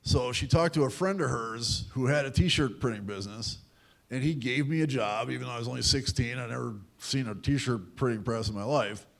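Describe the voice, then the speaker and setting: A man's voice: mid-range voice, fairly quick, vocal fry. A man giving a candid, self-deprecating personal talk to a young audience, acting out the voices of people in his story. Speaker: guest speaker at a youth event. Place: large event hall at a university.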